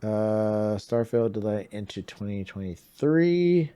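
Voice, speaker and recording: A man's voice: on the low side, lively intonation, slow, dark tone, clean tone. A man hosting a podcast in casual chat, easygoing and laughing often. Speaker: podcast host.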